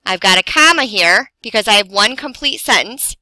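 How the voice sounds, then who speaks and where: A woman teaching a grammar lesson, explaining slowly and deliberately with pauses for emphasis. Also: mid-range voice, animated, bright, forceful tone, no room sound, rough recording. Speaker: English teacher.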